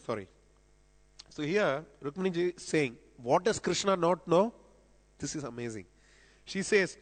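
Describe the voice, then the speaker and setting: A man's voice: on the high side, lively intonation, measured pace, long pauses. A man giving a devotional lecture at a temple festival, explaining scripture and quoting verses with rising emphasis. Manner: explanatory, quotes scripture with rising emphasis, coughs now and then. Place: temple hall. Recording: long reverb of a large hall.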